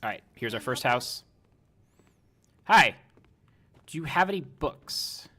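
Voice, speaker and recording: A man's voice: medium pitch, big pitch swings, takes it slowly, bright, forceful tone. Rambling casual male streamer. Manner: rambling, loose, with frequent fillers and swearing. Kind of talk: casual livestream chat.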